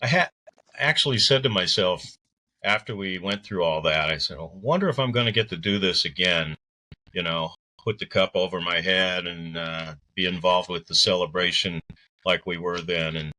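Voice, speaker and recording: Older male guest, very low pitch, bright forward tone, laid-back storyteller. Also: normal speed. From Belleville, Illinois area. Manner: relaxed storyteller with fillers. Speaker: guest, arena PA announcer. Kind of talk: casual interview chat.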